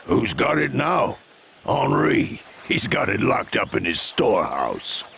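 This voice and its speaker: An actor playing a gravelly-voiced gossiping townsman in a video game. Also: on the low side, huge pitch swings, takes it slowly, a bit bright, slight background noise, exaggerated voice.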